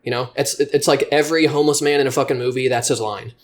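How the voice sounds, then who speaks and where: A man's voice: medium pitch, steady tone, fast talker. A man teaching comedy writing in a loose, rambling way, swearing freely and poking fun at himself. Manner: loose and rambling, self-deprecating. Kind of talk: casual spoken explanation.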